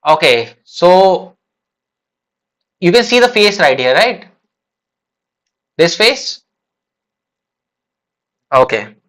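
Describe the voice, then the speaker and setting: A man's voice: high voice, big pitch swings, very slow, pauses often, fairly bright tone. A man streaming a live reaction, thinking aloud in a casual, hesitant way with lots of fillers and restarts. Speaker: streamer reacting to a manga chapter.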